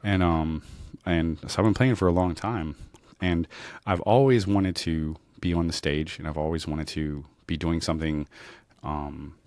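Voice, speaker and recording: A man's voice: a bass voice, steady tone, a little slow, darkish tone, no room sound. A man in his thirties from New Orleans, telling stories from his life in a rambling way with many fillers and restarts. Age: 30s. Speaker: podcast host. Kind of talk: casual storytelling monologue.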